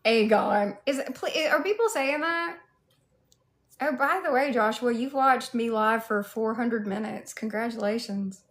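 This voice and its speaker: A woman's voice: on the high side, measured pace. A woman with a Southern US accent chatting casually on a livestream, reading out viewers' comments and greeting them in a playful, sassy way. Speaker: livestreamer in cosplay.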